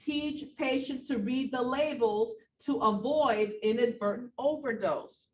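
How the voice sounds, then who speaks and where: A woman teaching a nursing class, lecturing her students with animated, repetitive emphasis and a little out of breath. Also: on the high side, measured pace, recorded from a distance. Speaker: nursing instructor. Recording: echoey room, voice from afar, faint background noise.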